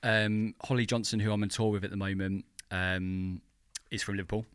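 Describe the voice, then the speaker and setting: A young British man, a drummer and teacher, co-hosting a podcast in casual, rambling chat with quick bursts of speech. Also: fairly low pitch, flat delivery, clear, resonant tone, no room sound, studio quality. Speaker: podcast co-host, drummer and educator.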